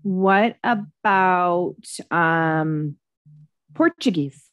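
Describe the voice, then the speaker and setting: Slow-talking woman thinking aloud. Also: on the low side, dull audio. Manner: unhurried, thinks aloud while guessing. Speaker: co-host. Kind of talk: casual chat.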